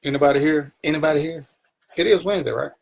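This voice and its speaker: Man, live-stream host, slightly high-pitched, playful, teasing, casual banter, home webcam. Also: fast, creaky, breathy edge. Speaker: livestream talk show host.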